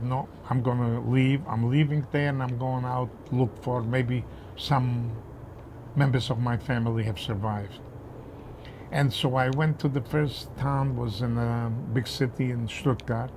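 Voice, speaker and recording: An older man recounting his past at length, hesitant, with pauses and fillers. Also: medium pitch, creaky, darkish tone, a little hiss or hum. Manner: hesitant, with many fillers and restarts. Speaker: interviewee. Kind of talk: personal recollection.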